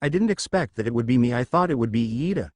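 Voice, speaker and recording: A man's voice: medium pitch, lively intonation, quick pace, darkish tone, dry recording, clean studio sound, natural voice. A man voicing a polite, unsure teenage girl in a raised voice. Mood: surprised unsure.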